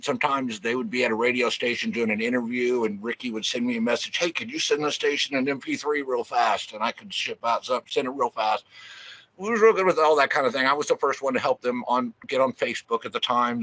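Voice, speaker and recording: Bright-voiced man in his fifties, rambling. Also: medium pitch, low-quality recording. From Missouri, USA. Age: 50s. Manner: rambling, restarts often, drawls fillers. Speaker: record label guest. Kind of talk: casual interview storytelling.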